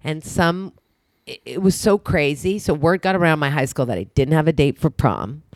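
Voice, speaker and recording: A woman telling a story in casual chat, animated and swearing freely, acting out the people she quotes. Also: low voice, normal speed, dry recording, studio quality. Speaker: guest.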